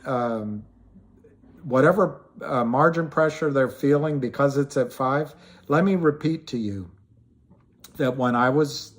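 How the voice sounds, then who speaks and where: A man's voice: mid-range voice, unhurried. A man hosting a casual livestream, rambling with frequent restarts and trailing thoughts, and greeting viewers by name as he answers them. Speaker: livestream host.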